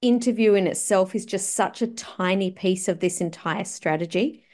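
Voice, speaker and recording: A woman with an Australian accent hosting a podcast interview, chatty and quick to laugh. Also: mid-range voice, darkish tone. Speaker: podcast host. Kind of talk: casual interview chat.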